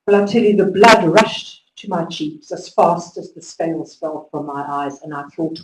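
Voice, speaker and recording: A woman giving a conference talk to teachers, telling stories with lively emphasis and driving home instructions. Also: low-pitched, moderate pace, few pauses. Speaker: conference speaker. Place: conference hall. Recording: echoey hall, distant mic.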